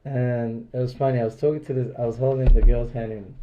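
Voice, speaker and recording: A man's voice: medium pitch, steady tone, fast, dull audio, noisy background. A man giving an informal devotional class in a house, telling rambling stories full of "like" fillers and acting out the dialogue. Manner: rambling storyteller, many "like" fillers, acts out dialogue. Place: indoors in a private house.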